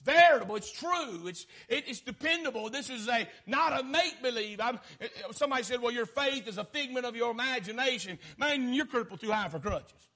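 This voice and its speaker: A man preaching a fervent sermon, swinging from shouted lines down to low, quiet ones. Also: expressive, brisk.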